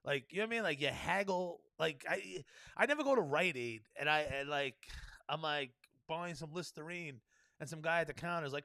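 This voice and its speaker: High-voiced ranting New man. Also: a little fast, vocal fry, sharp tone, dry recording. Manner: profane, ranting, full of "you know what I mean". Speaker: podcast host. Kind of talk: solo podcast rant.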